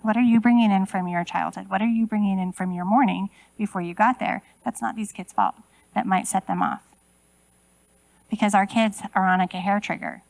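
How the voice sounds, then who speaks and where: Keynote speaker, woman in her forties with some vocal fry; casual, talks straight to the room with rhetorical questions. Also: medium pitch, fairly even intonation, a little fast, no echo, rough recording. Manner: conversational, asks the audience many rhetorical questions. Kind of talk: conference keynote talk. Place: conference room.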